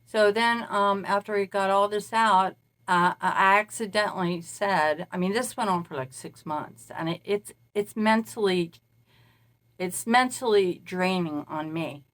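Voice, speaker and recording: A woman's voice: mid-range voice, unhurried, a bit bright. Woman telling a meandering story. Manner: meandering, recounts events at length. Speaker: self-described spirit medium. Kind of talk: casual spoken monologue.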